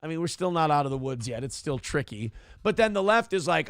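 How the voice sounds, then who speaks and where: A man's voice: a little high, big pitch swings, fairly quick, vocal fry, dry recording, studio quality. Profane, sarcastic male show host. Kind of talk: casual live-stream commentary reading chat.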